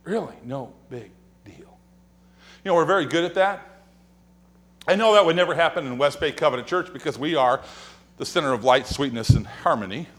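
A man's voice: on the high side, a little fast. A man preaching a sermon as pastor in a church sanctuary, telling humorous stories and acting out quoted lines. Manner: animated, joking storyteller who acts out quotes and whispers.

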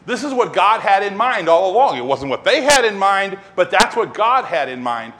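Preacher guy, high voice, lively storytelling sermon, swoops up and down a lot. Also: normal speed. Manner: animated storytelling, acting out scenes. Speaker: pastor.

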